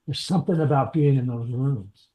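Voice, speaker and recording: A male audio engineer speaks in a laid-back, thoughtful way at a middling pitch. He sounds like a relaxed guest in a casual interview. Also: normal speed, rough recording.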